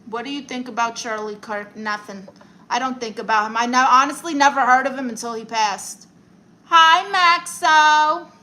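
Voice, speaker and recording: A young Brooklyn woman with a New York accent reads viewer comments aloud on a casual home live stream, firing back sassy, playful, quick comebacks. Her voice sits high, with a bright, forceful tone, and the recording is rough.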